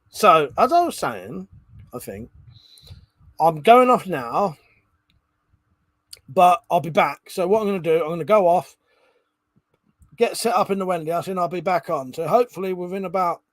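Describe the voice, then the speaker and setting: A man's voice: on the high side, no echo. A drunk man hosting a live stream, rambling casually, swearing a lot and laughing often. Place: indoors at home.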